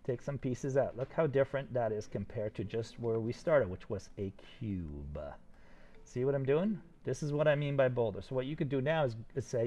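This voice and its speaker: Excited older man teaching 3D modeling. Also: medium pitch. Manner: excited, encouraging, talks fast while demonstrating. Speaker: 3D modeling instructor. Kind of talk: live software tutorial.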